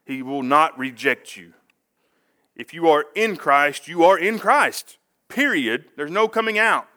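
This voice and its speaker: Chatty preacher with a bright voice. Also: male voice, on the high side, lively intonation, measured pace. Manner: conversational, rambling with asides and self-corrections. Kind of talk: casual sermon.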